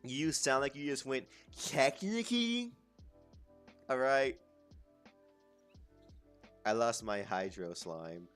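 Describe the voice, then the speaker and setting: A man's voice: fairly low pitch, animated, moderate pace, hardly any pauses, a bit bright, faint music behind. A man chatting casually to his stream as he draws, rambling, muttering and swearing. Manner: rambling, muttering to himself, crude slang. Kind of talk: casual chat while drawing.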